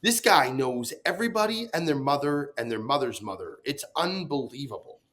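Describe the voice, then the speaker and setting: A man's voice: mid-range voice, animated, normal speed, a bit bright. A man chatting casually and enthusiastically on a podcast. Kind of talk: casual chat.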